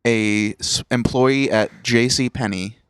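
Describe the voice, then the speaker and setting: A man's voice: mid-range voice, steady tone, unhurried, a bit bright, smooth, no echo. Jokey man co-hosting a podcast. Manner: jokey, laughs often. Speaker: podcast co-host. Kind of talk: casual chat.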